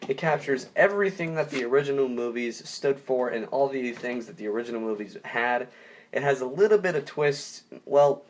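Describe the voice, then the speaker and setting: An enthusiastic young man talks through a movie review in a loose, unscripted way. He piles on superlatives and often backs up to restart a sentence. His voice sits at an ordinary middle pitch. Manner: enthusiastic, rambling with frequent restarts. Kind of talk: casual spoken review.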